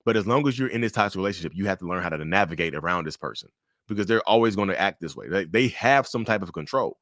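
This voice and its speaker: A man giving blunt, animated commentary to camera about relationships. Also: low-pitched, fast, no echo, studio quality.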